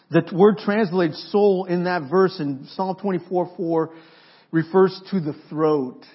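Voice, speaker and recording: Husky-voiced preacher with dramatic pauses. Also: male voice, on the high side. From Mexico. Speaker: pastor. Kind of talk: sermon. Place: church sanctuary. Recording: dull lo-fi sermon recording.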